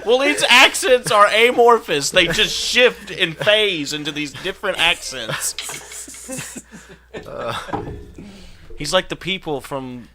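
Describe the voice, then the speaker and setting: A man playing a tabletop role-playing game, making dry, offhand remarks. His voice is gravelly, with a loud hiss running under the recording. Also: high voice, expressive, slow, pauses often. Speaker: player. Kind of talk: casual tabletop play.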